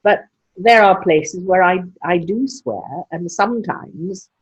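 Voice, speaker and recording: A woman's voice: on the low side, takes it slowly, husky. An older woman with a posh English accent and very precise diction, speaking frankly in an interview. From England. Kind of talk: conversational interview. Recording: muffled lo-fi sound.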